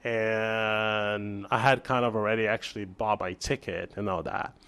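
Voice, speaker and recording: A man from Brazil, a chef guest on an interview show, telling a story in casual chat with lively restarts and acted-out dialogue. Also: on the low side, a little slow, clean tone. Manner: animated storyteller, acts out quoted dialogue, many restarts.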